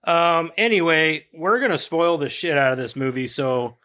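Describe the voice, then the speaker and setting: Man, podcast host, casual, swearing, laughing through a recap, slightly high voice, dry close mic. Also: normal speed, pushed and bright, no room sound. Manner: swears freely, laughs while reading. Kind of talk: casual chat, reading a plot summary.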